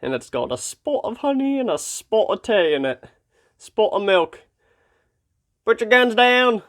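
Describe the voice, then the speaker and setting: A man voicing a prim, mock-posh British man with an exaggerated high put-on accent, as a joke in his vlog. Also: big pitch swings, a little slow, a bit bright, heavily acted. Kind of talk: joking aside in a vlog.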